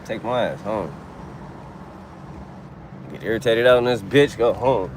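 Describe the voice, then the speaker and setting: A man's voice: lowish voice, unhurried, slight background noise. A young man streaming live while driving deliveries, ranting in a casual, heavily profane, irritated way. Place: inside a car on city streets.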